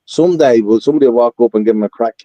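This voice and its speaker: A man's voice: medium pitch, very fast, dark tone, dry recording, rough recording. A man in casual podcast chat, blunt and swearing as he tells stories. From Ireland.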